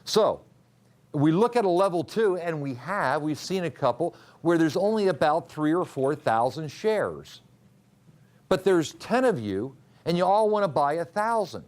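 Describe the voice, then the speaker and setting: A man's voice: a little high, very animated, measured pace. A man teaching a trading class, quizzing students and repeating key rules. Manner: questions the class and drills answers. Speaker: trading instructor. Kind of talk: classroom lecture.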